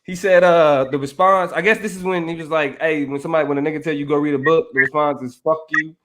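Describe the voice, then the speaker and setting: A man co-hosting a podcast with a fairly high voice. He is laid-back and loose and laughs a lot. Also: fairly even intonation, fast, very noisy. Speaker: podcast co-host. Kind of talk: casual podcast chat.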